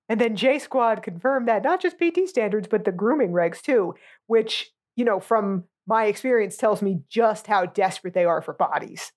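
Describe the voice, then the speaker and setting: A woman's voice: mid-range voice, expressive, normal speed. A woman co-hosting a podcast, chatting casually about a movie in a blunt, sarcastic, sweary way. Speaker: podcast co-host.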